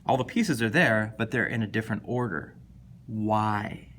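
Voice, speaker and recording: A man's voice: fairly low pitch, normal speed, fairly bright tone, slight background noise. A man giving a casual, enthusiastic lecture on a poem, thinking aloud with many filler words. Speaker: teacher.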